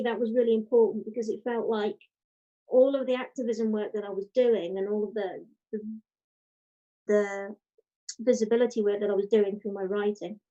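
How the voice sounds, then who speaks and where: A woman guest chatting in a casual interview, telling a story with lively quoted voices. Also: medium pitch, dull audio. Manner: animated storytelling, quoting others. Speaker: guest, writer and podcaster.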